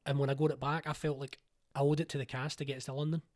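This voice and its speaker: A man's voice: mid-range voice, little pitch movement, very fast, a little mellow. A Glaswegian man in his forties, a playwright and producer talking eagerly in an interview, rambling with frequent restarts. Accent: Glaswegian Scottish. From Scotland. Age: 40s. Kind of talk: casual interview chat.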